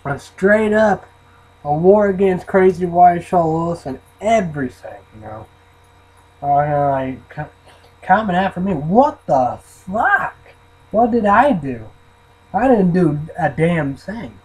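Husky rambling vlogger guy. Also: high-pitched, big pitch swings, slow pace, a little mellow, poor audio. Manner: rambling, profane, trailing off into mumbles. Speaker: vlogger reviewing an energy drink. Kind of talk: rambling casual vlog.

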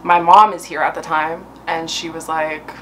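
A woman's voice: sits low, little pitch movement, moderate pace, fairly bright tone, slight background noise. Chatty young woman, swearing story time. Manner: chatty, swearing, many fillers. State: a little high. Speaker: vlogger.

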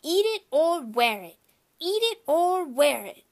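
A woman voicing a loud, demanding toddler boy who squeals and shouts in a storybook reading. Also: high-pitched, very animated, drawn-out words, voice pushed up, full character voice.

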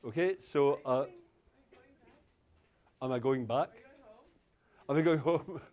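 A man's voice: mid-range voice, slow, a little mellow. A Scottish man from Glasgow giving a university lecture in a loose, joking way, with many fillers and restarts. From Glasgow, Scotland. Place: lecture hall.

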